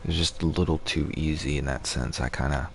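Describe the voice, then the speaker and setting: Low gravelly dude rambling about games mid-stream, bit of hiss behind. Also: male voice, steady tone, brisk. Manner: rambling, swears casually, restarts sentences. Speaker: gaming streamer. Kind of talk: casual gaming chat.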